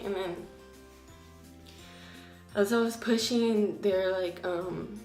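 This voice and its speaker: A teenage girl recounts a personal story for a storytime vlog, casually and with lots of filler words, acting out what people said. Her voice sits at an ordinary middle pitch. The room around her is noticeably echoey, and faint music plays underneath. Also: steady tone, a little slow, a little mellow. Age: teens. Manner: casual, filler-heavy retelling with acted quotes. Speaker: vlogger.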